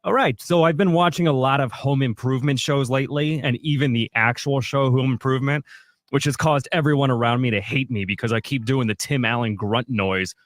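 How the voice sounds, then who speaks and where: A man co-hosting a radio show, reading a scripted comic monologue in a deadpan storytelling manner. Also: mid-range voice, brisk, dry recording, studio quality. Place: radio studio. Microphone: studio mic.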